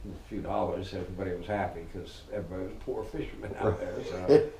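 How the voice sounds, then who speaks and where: Lively middle-aged man spinning a tale. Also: low-pitched, fast talker, vocal fry. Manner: animated, laughing, swearing, acts out quotes. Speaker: storyteller. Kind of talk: casual storytelling. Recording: echoey room with faint noise.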